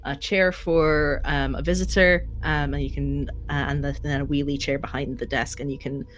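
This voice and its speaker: Brief: woman game master, low voice, halting descriptive narration. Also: steady tone, a little hiss or hum. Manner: hesitant, filler-heavy narration.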